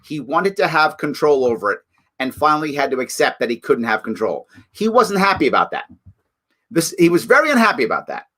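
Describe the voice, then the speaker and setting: A man hosting his own political commentary livestream, talking in a sarcastic, animated, mocking way. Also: on the high side. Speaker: show host.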